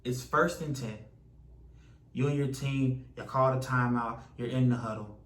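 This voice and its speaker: Male preacher, animated storytelling sermon, roomy echo, off-mic. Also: mid-range voice, measured pace, recorded from a distance. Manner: animated storytelling with sports imagery. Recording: echoey room, voice from off mic.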